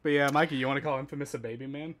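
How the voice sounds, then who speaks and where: A man's voice: mid-range voice, fairly even intonation, rapid-fire, a bit bright. A man hosting a podcast, easygoing as he reads out donations. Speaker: podcast host. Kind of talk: casual podcast chat.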